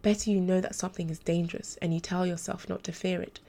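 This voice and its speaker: A woman's voice: on the low side, little pitch movement, fast talker, creaky, warm tone. A woman reading the part of a troubled young female angel tutor in a formal, hesitant, restrained way. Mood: earnest.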